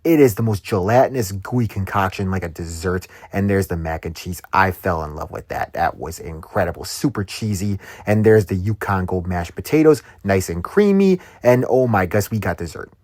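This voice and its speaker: Guy doing a food review voiceover, super excitable, voice jumps all over, dry close sound. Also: deep voice, moderate pace, few pauses, no room sound. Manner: excitable, gushing, lots of fillers. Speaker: food vlogger.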